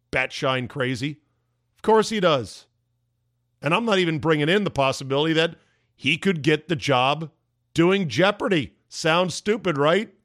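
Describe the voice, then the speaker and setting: A man hosting a podcast, delivering an emphatic, ranting opinion monologue with sarcastic asides, his voice going hoarse. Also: mid-range voice, a bit bright, dry recording, studio quality. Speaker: podcast host.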